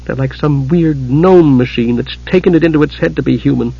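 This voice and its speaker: A man reading an audiobook, voicing a fiery, outspoken young woman innkeeper with a husky voice. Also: medium pitch, brisk, warm tone, dull audio. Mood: indignant. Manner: bitter, indignant tirades.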